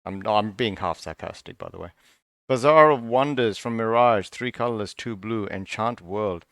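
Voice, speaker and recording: A man's voice: lowish voice, moderate pace, a bit bright, no room sound, studio quality. A man hosting a casual card review, thinking aloud in a musing, half-sarcastic way, often breaking off and restarting. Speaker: card review channel host.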